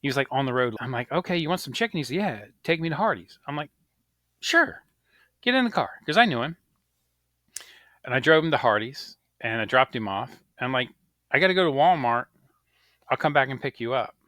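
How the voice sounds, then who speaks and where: A podcast co-host in his thirties, this man keeps a brisk pace in a medium-pitched voice as he tells stories during casual talk. He's an animated storyteller who acts out quoted voices, captured in a dry, studio-quality recording.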